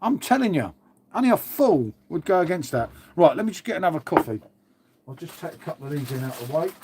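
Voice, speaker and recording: Chatty bloke live-streaming. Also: male voice, fairly high pitch, very animated, fast talker, background noise. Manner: chatty, swears, repeats "mate". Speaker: livestream host. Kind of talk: casual live chat with viewers.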